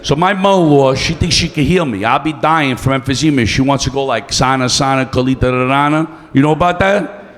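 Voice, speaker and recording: On a comedy club stage, a stand-up comedian works the crowd brashly and profanely, teasing them. His voice is a little high, fairly quick and a bit bright, and the club room gives a long reverb.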